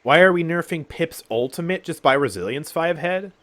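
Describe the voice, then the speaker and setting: A man's voice: a little high, lively intonation, normal speed, a bit bright. A young man giving casual gameplay commentary on a game update, sarcastic and exasperated, often sighing and laughing. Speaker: gaming YouTuber.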